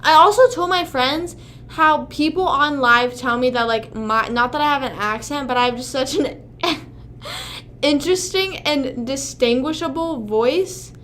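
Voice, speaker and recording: A woman's voice: high-pitched, normal speed, pushed and bright, slight background noise. A young woman hosting a casual livestream, rambling to her chat and swearing often. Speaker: livestream host.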